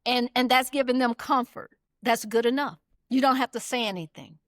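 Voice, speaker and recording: A woman's voice: fairly high pitch, moderate pace, dry recording, studio quality. A middle-aged woman talking earnestly as a guest, stressing her points and repeating them. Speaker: guest, community builder. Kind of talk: casual conversation.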